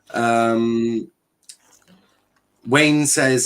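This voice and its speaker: A man's voice: mid-range voice, slow pace, pauses often. A young man, casually commentating a live football watchalong, swearing, joking and reading chat aloud. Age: young adult. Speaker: watchalong streamer.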